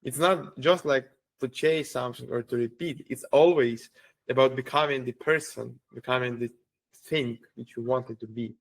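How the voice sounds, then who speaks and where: A man hosting a podcast, speaking reflectively and haltingly, leaning on "you know, like.". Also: medium pitch. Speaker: podcast host. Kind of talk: casual podcast conversation.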